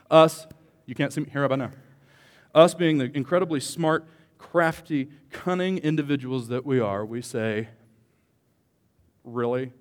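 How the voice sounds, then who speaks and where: A man preaching a sermon as a pastor, joking with the congregation and swinging between quiet asides and loud emphatic lines. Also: mid-range voice, long reverb tail. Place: church hall.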